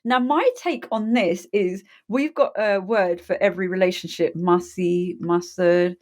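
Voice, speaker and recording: A woman's voice: fairly low pitch, fairly even intonation, unhurried, a little mellow. A woman, co-hosting a casual podcast and often posing questions to her co-host. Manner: chatty, raises questions. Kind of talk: casual chat.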